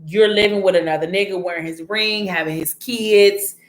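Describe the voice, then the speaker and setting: A woman voicing a heartbroken young man who pleads with his lost love, talking low and rushed in an echoey room. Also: steady tone, lightly acted. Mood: pleading.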